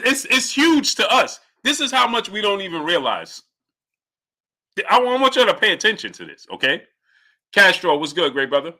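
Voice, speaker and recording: A man's voice: sits high, pushed and bright. A man hosting a live-stream boxing show, talking emphatically, repeating his points and greeting chat viewers by name. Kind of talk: live-stream sports commentary.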